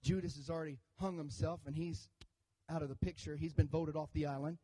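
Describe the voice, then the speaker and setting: On a low-quality recording, a man with a voice on the high side delivers a brisk sermon to his church. The pastor tells an animated story, full of jokes and call-outs inviting the congregation to respond.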